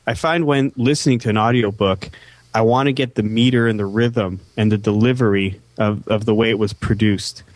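Brief: male podcast co-host, lowish voice, casual and rambling, dry close sound. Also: fairly even intonation, moderate pace, no room sound. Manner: rambling, repeats words often. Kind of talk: casual chat.

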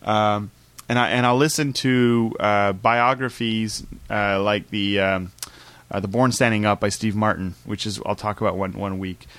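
A man co-hosting a casual podcast chat, enthusiastic but halting, with many fillers. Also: lowish voice, steady tone, a bit bright, dry recording. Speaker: podcast co-host.

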